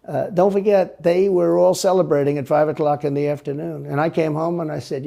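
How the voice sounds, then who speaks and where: Gravelly rambling man in an interview. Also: a little high, fairly even intonation, brisk, dark tone, dull audio. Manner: rambling, repetitive, boastful. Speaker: interview guest. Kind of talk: played interview clip.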